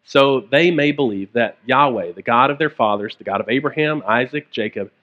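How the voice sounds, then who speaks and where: A man's voice: mid-range voice, normal speed, highs cut off. A man preaching a sermon in a church, telling stories in a conversational way with casual asides. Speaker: pastor.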